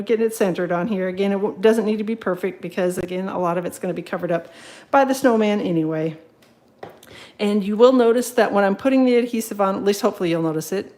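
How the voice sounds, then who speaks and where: A woman's voice: mid-range voice, darkish tone, poor audio. Woman hosting a live home craft demo, casual and chatty, lots of ums. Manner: chatty, with many ums, greets viewers while working. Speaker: craft demonstrator. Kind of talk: live card-making tutorial.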